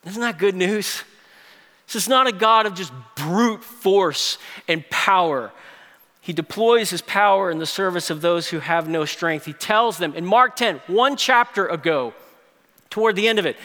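A man preaching a sermon, swinging between loud emphatic lines and hushed quiet ones. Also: high-pitched. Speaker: pastor. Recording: echoey hall reverb.

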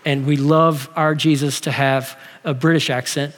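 A man in his forties preaching from the pulpit, his voice sitting high for a man and carrying a long reverb through the sanctuary. He talks with humor, asks the congregation questions and keeps the tone lively. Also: unhurried. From Texas. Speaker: pastor. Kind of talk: sermon.

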